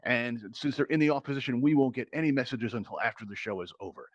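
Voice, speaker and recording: A man's voice: medium pitch, fast talker, no echo, muffled recording. A man hosting a live game show in virtual reality, an upbeat showman hyping up the crowd through a headset mic. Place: virtual reality social app.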